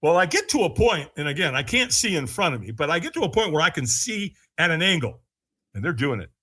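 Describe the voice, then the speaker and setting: Animated husky man telling a story. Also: fast. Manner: laughs often, acts out quotes in a higher voice. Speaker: podcast guest.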